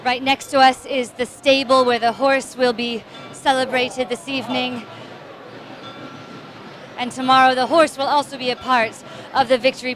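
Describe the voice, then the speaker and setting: A woman giving live, chatty commentary outdoors at a street celebration, excited and out of breath as she walks along with the camera. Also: high-pitched. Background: crowd and drums.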